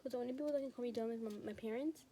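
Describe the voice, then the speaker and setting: This teenage girl vlogger films on her phone at home while doing her nails, rambling through a school storytime packed with fillers like "like" and "you know." Her voice is a little high, very fast and dark-toned, with a little hiss or hum.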